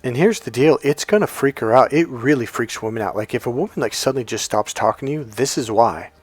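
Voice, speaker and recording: A man's voice: mid-range voice, lively intonation, quick pace, breathy edge, no room sound, soft background music. A man who works as a dating coach, talking bluntly and swearing freely as he tells stories about his clients. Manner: blunt, profane storytelling with acted quotes. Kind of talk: casual coaching monologue.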